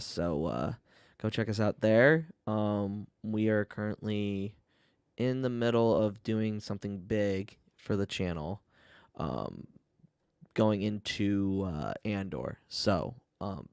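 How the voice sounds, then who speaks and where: A man guesting on a podcast, talking in a relaxed way with lots of fillers. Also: on the low side, unhurried, creaky, clean tone, dry recording, clean studio sound. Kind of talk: casual podcast chat.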